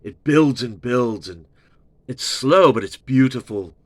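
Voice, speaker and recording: A man's voice: mid-range voice, expressive, measured pace, no room sound. A man hosting a casual album review, gushing and swearing, repeating his praise over and over. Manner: gushing, profane, repeats himself. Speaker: music reviewer, show host.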